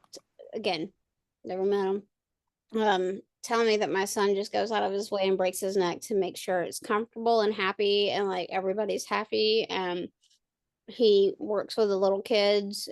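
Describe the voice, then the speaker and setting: A woman's voice: medium pitch, no echo. A woman chatting casually on a video call, rambling with lots of fillers and restarts. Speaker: podcast co-host and parent. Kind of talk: casual chat.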